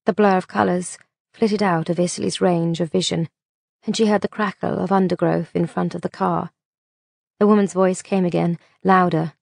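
Brief: female audiobook reader, steady and measured, fry in the voice, dry recording. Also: on the low side, no room sound. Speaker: audiobook narrator. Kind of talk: audiobook narration.

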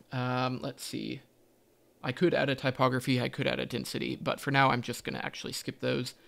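A man's voice: mid-range voice, creaky, a bit bright. A man teaching a coding tutorial, thinking aloud as he types, with frequent ums and self-corrections. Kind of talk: screen-recorded coding walkthrough.

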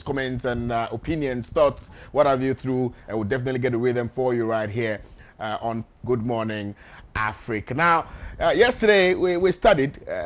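An upbeat male TV host running a live morning show. He speaks at a middle pitch in a chatty, easygoing way and fills his pauses with "uh" and "you know.". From Ghana. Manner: upbeat, repeats contact details, many fillers. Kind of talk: live TV presenting.

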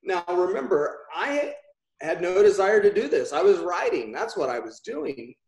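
A man tells stories in an interview, animated and playing out each exchange. His pitch swings widely as he talks. The sound has a roomy echo. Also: moderate pace, gravelly. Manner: animated, acts out dialogue in voices. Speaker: talent agent telling stories. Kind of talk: storytelling interview.

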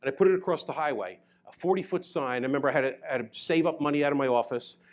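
High-voiced New storyteller man. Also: racing. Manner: animated, grows loud and excited as the story builds. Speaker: chiropractor. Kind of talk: storytelling talk.

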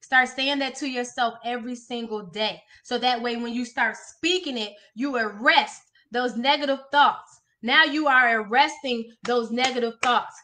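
High bright-voiced energetic woman coach. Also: moderate pace. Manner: energetic, repeats affirmations for viewers to echo; addresses viewers as y'all. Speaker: life coach. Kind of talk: motivational live stream.

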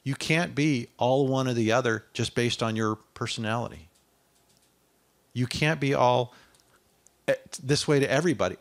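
A man preaching a sermon, reading scripture aloud and stopping to ask his listeners whether they follow, often rising to loud declamation on the quoted verses. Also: medium pitch, normal speed, long pauses. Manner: conversational asides asking the listener.

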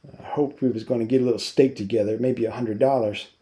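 A man reading aloud, voicing a worried, protective ranch hand who gives quick, urgent warnings. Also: mid-range voice, steady tone, warm tone, lightly acted.

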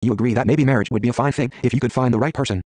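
Fast-reading man voicing a story game. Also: medium pitch, noisy background. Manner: reads quickly, stumbling and restarting, muttering menu words. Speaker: player reading an interactive story game aloud. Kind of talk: reading game text aloud.

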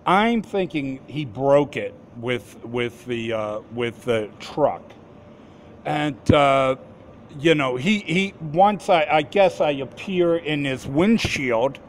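Slow, halting man in his fifties. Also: on the high side, slight background noise. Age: 50s. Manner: halting, with frequent restarts and repeated words. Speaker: formerly homeless man recounting an experience. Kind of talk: personal storytelling.

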